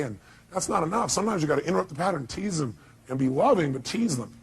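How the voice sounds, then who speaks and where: A man's voice: fairly high pitch, animated, very fast, vocal fry, breathy edge, low-quality recording. A man giving an emphatic motivational speech to a live audience, firing off rhetorical questions. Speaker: motivational speaker.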